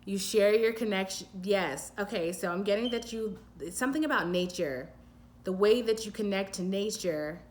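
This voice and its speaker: Woman tarot reader, mid-pitched, meandering and soothing, faint room hum. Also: moderate pace. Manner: rambling and intuitive, many "like" fillers and restarts. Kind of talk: pick-a-pile tarot reading.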